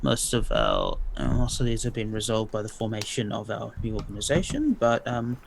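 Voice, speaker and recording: A man's voice: lowish voice, wildly swooping pitch, creaky, slight background noise, poor audio. A man playing a tabletop game in character, hesitant and full of ums. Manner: slow, hesitant, many ums. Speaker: player.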